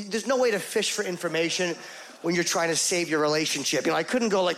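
A man's voice: high voice, fast, fairly bright tone. A man performing a stand-up comedy set on stage, confessional and self-mocking, acting out bits of dialogue in put-on voices. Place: comedy stage before a live audience.

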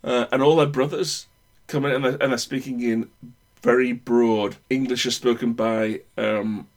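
A man's voice: mid-range voice, steady tone, moderate pace. A man from the UK co-hosting a podcast, talking in a thoughtful, wordy way with frequent restarts. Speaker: podcast co-host. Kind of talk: casual chat.

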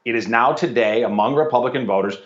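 A man appearing as a guest commentator on a political show, arguing in a measured way and citing figures. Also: mid-range voice. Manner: measured, argumentative, citing numbers. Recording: echoey, dull remote line.

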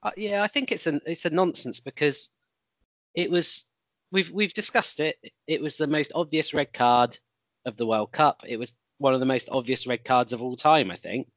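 A man's voice: fairly high pitch, normal speed, fairly bright tone, no echo. A man co-hosting a casual rugby chat, rambling a little with restarts and fillers. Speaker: podcast co-host.

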